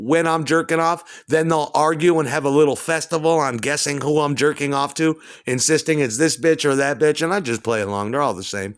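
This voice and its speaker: A man's voice: fairly high pitch, clear, resonant tone. A man at home delivering an agitated, profane, rambling rant. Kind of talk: rambling monologue to camera. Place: at home indoors.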